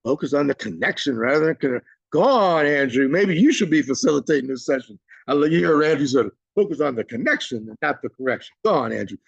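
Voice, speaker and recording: A man runs a live online workshop over a computer mic, his slightly high voice carrying a gravelly edge. The sound is dry and close, with no room around it. He talks informally and warmly praises each participant's reply. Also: expressive, quick pace, no echo, muffled recording. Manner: encouraging, praises participants by name; chatty and informal, frequent fillers. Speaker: trainer leading a webinar. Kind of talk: live online training, reading chat replies aloud.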